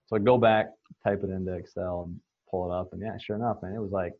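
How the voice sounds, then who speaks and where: Deep-voiced man telling field stories. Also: fairly even intonation, quick pace, dry recording, phone-quality sound. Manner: rambling, anecdotal, many fillers and restarts. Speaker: swine nutrition guest. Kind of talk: casual storytelling in a podcast interview.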